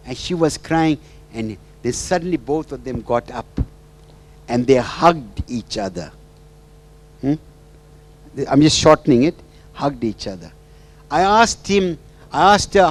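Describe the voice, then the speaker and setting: A marriage counsellor gives a storytelling lecture in a fairly high, animated voice, unhurried and pausing often, on a dry recording. He keeps checking in with the audience with "right?" and "hmm?" and adds sing-song asides.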